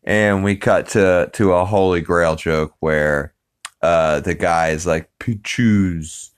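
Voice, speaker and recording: A man's voice: low voice, little pitch movement, slow, smooth. A man hosting a podcast, casually recapping a cartoon episode, rambling with many fillers. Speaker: podcast host.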